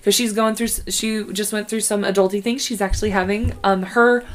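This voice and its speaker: A woman's voice: medium pitch, flat delivery, brisk. Rambling woman podcast co-host. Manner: rambling, many fillers and restarts. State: pregnant. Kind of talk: casual chat.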